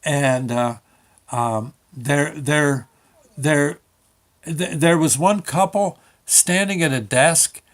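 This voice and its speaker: An older man telling a rambling comic story about a visit to the motor vehicle office, with halting restarts. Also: on the high side. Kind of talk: comic monologue with quoted dialogue.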